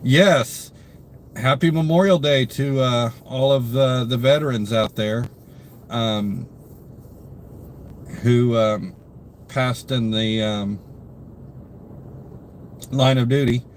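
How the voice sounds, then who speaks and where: Worn out and yawning, this livestream host speaks slowly with long pauses in an ordinary mid-range voice. He reads out viewer comments, says hello to people by name, and rambles with lots of fillers, over a faint hiss from his desk mic.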